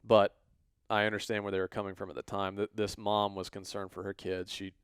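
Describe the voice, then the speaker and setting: Lively man telling a story. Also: on the low side, fairly quick, clean tone, no echo, clean studio sound. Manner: animated, acts out quoted voices. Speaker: podcast co-host. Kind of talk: casual storytelling.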